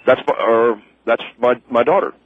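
A man's voice: medium pitch, normal speed, dry recording. A man calling in to a radio show, flustered and apologetic, stumbling over his words and repeating ma'am. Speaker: caller. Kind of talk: call-in radio prank call. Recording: tinny phone line.

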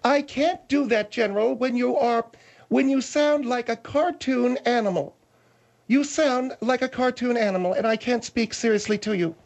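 A man's voice: very high voice, moderate pace, vocal fry, darkish tone, pitched above the performer's own voice. A man voicing a prim, serious woman co-host who scolds and teases. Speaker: comic radio character.

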